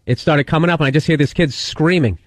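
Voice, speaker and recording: A man in his late thirties spins a rambling story in casual radio chat. He talks quickly in a slightly high voice, close to a dry studio mic. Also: dry recording. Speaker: guest comedian.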